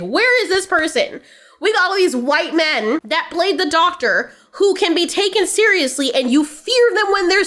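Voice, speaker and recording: High-voiced woman ranting bluntly. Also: a bit bright. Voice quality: blunt, profane, sarcastic. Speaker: reaction vlogger. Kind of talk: casual commentary rant.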